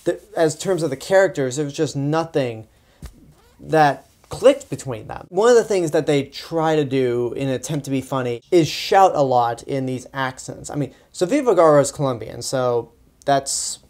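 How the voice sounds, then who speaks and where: A young Texan man reviews a movie casually and sarcastically, sounding exasperated as he rambles and keeps restarting. His fairly high voice is animated and a little mellow, at a moderate pace.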